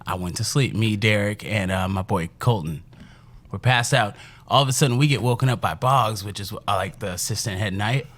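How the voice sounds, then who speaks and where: A man's voice: on the low side, fairly quick. A young man from Chicago, a podcast guest telling stories in casual chat, swearing freely and laughing as he goes. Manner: profane, laughing, animated storyteller. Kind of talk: casual storytelling.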